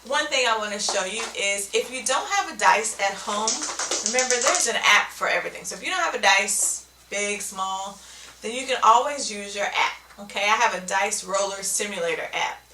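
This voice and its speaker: A woman explains speech therapy techniques in an instructional video. Her voice is bright and forceful with a gravelly edge, and she keeps checking in with "okay?". She sounds a little far from the mic in a roomy, echoing space. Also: mid-range voice, lively intonation, moderate pace, a little hiss or hum.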